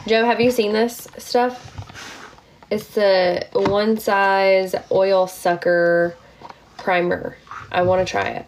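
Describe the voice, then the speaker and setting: A woman's voice: mid-range voice, fairly even intonation, takes it slowly, a little hiss or hum. Sick, chatty woman livestreaming. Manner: chatty, warm thanks to viewers, trailing off into fillers. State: sick and tired. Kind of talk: casual livestream chat greeting viewers.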